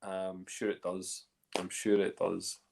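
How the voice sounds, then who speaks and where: A man hosting a casual livestream chat, excitable and chatty, tripping over names. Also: low-pitched, takes it slowly, gravelly. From Northern Ireland. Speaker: host.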